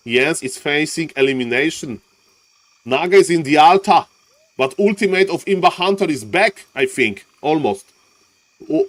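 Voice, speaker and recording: A man casting a live strategy game match, jumping between calm play-by-play and excited yelling, repeating his catchphrases. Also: on the high side. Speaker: game caster. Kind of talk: live esports commentary.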